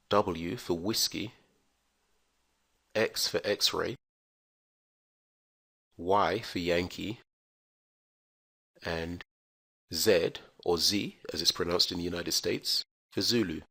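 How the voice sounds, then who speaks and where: Slow, gravelly low-voiced male teacher. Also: bright, forceful tone, dry recording. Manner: slow, careful, enunciated delivery. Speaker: English teacher. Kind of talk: scripted pronunciation lesson.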